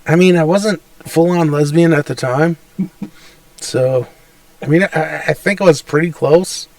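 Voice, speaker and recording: A man's voice: on the high side, unhurried, a little mellow, no echo. Crude, rambling young man, far from the mic. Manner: crude, rambling, laughs often. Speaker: podcast co-host. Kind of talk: casual chat.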